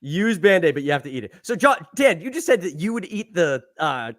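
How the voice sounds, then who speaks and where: A man's voice: a little high, sing-song, a little fast, a bit bright. A man hosting a podcast in casual chat, rambling and laughing often as he talks. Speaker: podcast host.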